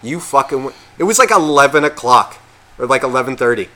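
On a podcast he co-hosts, a man spins a meandering story in relaxed conversation, cursing nonstop and staying lively throughout. His voice is medium in pitch and his pace is brisk.

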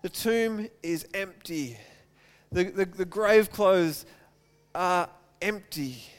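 A man preaching a sermon in a high, smooth voice. He retells a scripture story and keeps returning to the same pointed questions for his listeners. His tone is clear and resonant. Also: slow. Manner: reads scripture aloud, then preaches with repeated rhetorical questions. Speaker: pastor.

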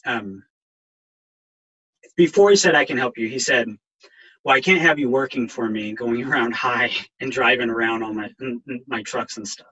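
A middle-aged counselor and veteran tells his recovery story, halting with ums as his voice catches with emotion. His medium-pitched voice sounds pushed and bright, and the recording is lo-fi.

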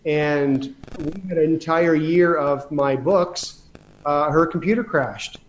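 A man's voice: a little high, slow, slight background noise. A man telling rambling stories about running his business in a casual interview, with many restarts. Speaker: guest.

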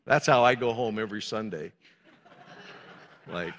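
Preaching in a conversational style, an older pastor often cries "Amen" and pokes fun at himself. His lowish voice is animated and fairly bright, his pace measured, with long pauses. A large hall gives the recording a long reverb.

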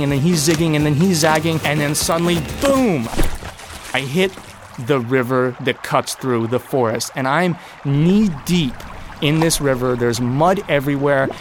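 A man telling a personal story on a radio show, laughing now and then and acting out the voices of people in it. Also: a little high.

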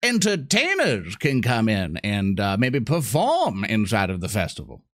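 A man's voice: fairly low pitch, huge pitch swings, a little slow, fairly bright tone, dry recording, studio quality. A man playing a tabletop role-playing game, speaking politely and apologetically in character. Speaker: player.

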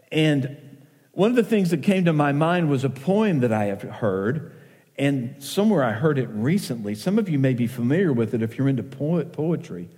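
A man's voice: a little high, a little mellow. A middle-aged man preaching a sermon as pastor. He speaks earnestly and reads verse with feeling. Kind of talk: sermon with poetry reading. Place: church sanctuary. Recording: long reverb of a church hall.

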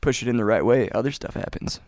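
A man's voice: medium pitch, quick pace, darkish tone. A man hosting a casual podcast, rambling on and laughing often as he talks. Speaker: podcast host.

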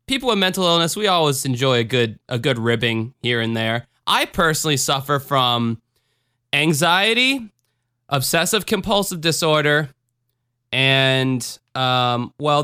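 A man's voice: medium pitch, bright, forceful tone, clean tone, no room sound, studio quality. A man hosting a podcast in casual chat, rambling and sarcastic, with profane jokes. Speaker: podcast host.

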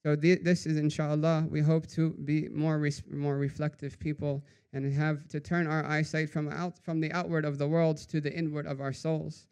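A man giving a storytelling sermon in a conversational way, often adding "right?" and dropping to a hushed voice for quoted sayings. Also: a little high, level tone, normal speed, few pauses, clean tone. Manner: conversational, says "right?" after nearly every phrase. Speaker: religious teacher.

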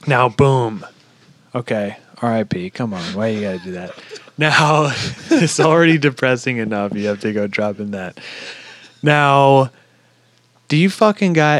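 A man co-hosting a casual podcast, retelling a film in an excitable, profane rush. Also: medium pitch, measured pace, dry recording. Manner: excitable, heavy swearing, lively storytelling. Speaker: podcast co-host. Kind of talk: casual movie review chat.

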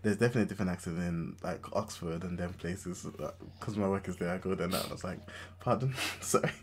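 A man's voice: low-pitched, fairly even intonation, quick pace, a little hiss or hum. A man, co-hosting a casual podcast chat and talking in a hesitant way that repeats phrases. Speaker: podcast co-host.

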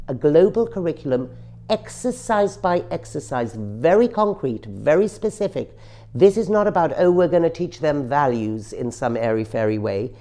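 Low gravelly-voiced woman guest. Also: warm tone. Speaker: interview guest. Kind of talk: emotional personal interview.

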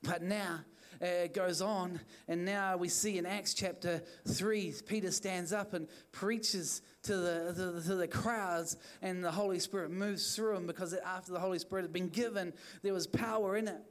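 A man's voice: high voice, steady tone, moderate pace, few pauses. A man preaching an evening church sermon, urging the listeners on in fervent, repetitive phrases. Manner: fervent, repetitive exhortation with restarts. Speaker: pastor.

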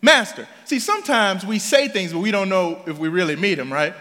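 High, lively male pastor in a reverberant hall. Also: a little fast. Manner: casual, asks the congregation rhetorical questions; slangy, drops in "bruh" and "right?". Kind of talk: conversational sermon.

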